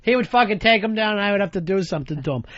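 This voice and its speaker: Man, radio host, high voice, profane rambling stories, dry muffled broadcast. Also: lively intonation, racing, fairly bright tone, no room sound. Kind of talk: profane comedic talk radio banter.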